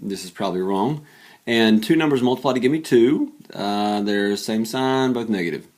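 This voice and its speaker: Tired low-voiced man teaching math. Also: moderate pace, a little mellow. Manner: chatty, thinks aloud while solving, self-deprecating. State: tired, late at night. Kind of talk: casual worked-example math lesson.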